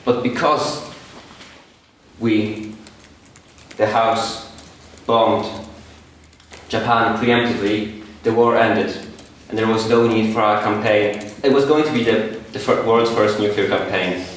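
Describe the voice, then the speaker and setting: A man's voice: fairly low pitch, little pitch movement, slow pace, long pauses, fairly bright tone, slight background noise. A man giving an earnest debate speech, often stopping to restart his words, in a large chamber. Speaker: debate speaker. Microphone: far room mic. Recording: echoey hall from far off.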